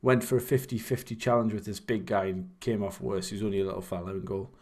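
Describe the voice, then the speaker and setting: A man's voice: lowish voice, steady tone, quick pace, darkish tone. A young man, casually chatting and rambling while commentating on his own game. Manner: rambling, chatty, self-deprecating. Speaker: streamer.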